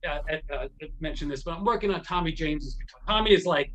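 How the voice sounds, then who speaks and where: A middle-aged man, a guitar repair technician, telling lively anecdotes as an interview guest, acting out the voices of the people he quotes and often restarting his sentences. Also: high voice, fast talker, few pauses. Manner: animated, acts out quoted voices, frequent restarts. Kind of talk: anecdotal storytelling in a conversation.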